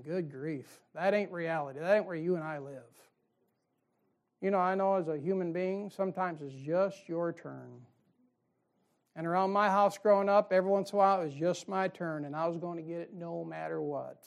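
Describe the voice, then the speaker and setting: A man's voice: fairly high pitch, moderate pace, vocal fry, a little mellow. Folksy man preaching a sermon. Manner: folksy, fires rhetorical questions at the congregation. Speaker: pastor.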